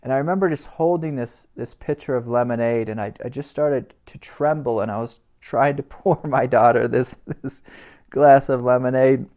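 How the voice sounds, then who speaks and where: A middle-aged man, a spiritual teacher, telling a personal story in a reflective, halting way, with soft laughs between phrases. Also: mid-range voice.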